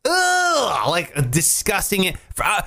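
A podcast host rambles through casual, joking banter, swearing as he goes. His voice is very animated and a bit bright, at a moderate pace, with big pitch jumps.

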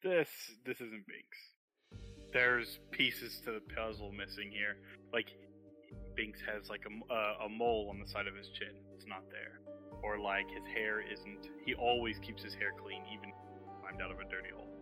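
A man narrating a tabletop game as game master in a lively way, laughing easily. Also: on the low side, moderate pace, music in the background, rough recording.

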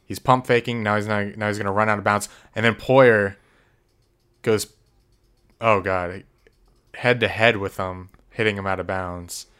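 A man co-hosting a casual chat, animated and quick to react, describing a play he watches. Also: on the low side, clean tone. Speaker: podcast co-host.

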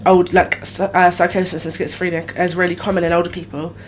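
A woman's voice: lowish voice, flat delivery, fast, slight background noise. Blunt, swearing woman co-host. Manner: blunt reactions, frequent swearing. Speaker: podcast co-host. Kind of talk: casual true-crime chat.

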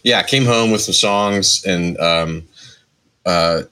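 A man in his forties, a musician guest, telling his story in a relaxed, rambling way with many hedges. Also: low voice, slow, clean tone. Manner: rambling, lots of hedges and restarts. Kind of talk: casual interview storytelling.

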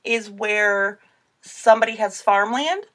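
Woman, podcast co-host, casual true-crime chat, rambling, filler-heavy, medium pitch. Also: unhurried, fairly bright tone. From Midwestern United States. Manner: chatty, rambling, frequent fillers.

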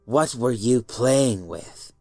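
A man's voice: lively intonation, takes it slowly, darkish tone, no room sound, clean studio sound, soft background music. Man doing a hissing, cold stepmother. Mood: angry whisper. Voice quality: shrill under the whisper. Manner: hissing angry whisper. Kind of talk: storybook reading.

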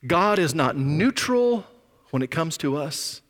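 Man, pastor, sermon, lively swooping pitch, emphatic drawn-out words, church reverb. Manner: emphatic preaching, drawn-out stresses, drops to near whispers. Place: church sanctuary.

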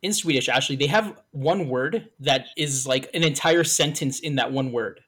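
A man's voice: mid-range voice, normal speed, fairly bright tone, breathy edge. A man hosting a casual talk show, swearing and laughing easily as he leads the chat. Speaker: host.

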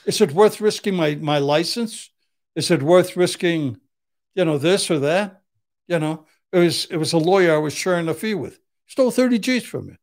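A man's voice: fairly high pitch, lively intonation, moderate pace. An older man, a criminal defense attorney, telling blunt, profane stories in casual chat and acting out what people said. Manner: profane, blunt, acts out quotes.

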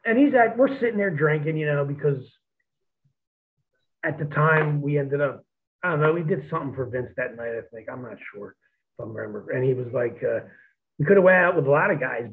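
A man, a former pro wrestler, telling blunt, profane anecdotes in a rambling, casual way. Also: mid-range voice. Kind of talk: casual storytelling. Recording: tinny phone-like line.

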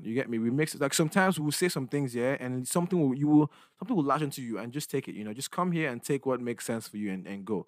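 A man's voice: medium pitch, animated, fast talker, few pauses, no room sound, clean studio sound. A young man, rambling casually as host of his own solo podcast, slangy and loose, often checking in with his listeners. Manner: loose, slangy, rambling, keeps asking "you get me".

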